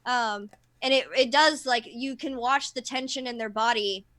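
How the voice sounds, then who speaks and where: A woman's voice: fairly high pitch, normal speed, fairly bright tone. A woman who works with clients, talking openly and explaining things in casual chat. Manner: open, explanatory, many fillers. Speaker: therapist.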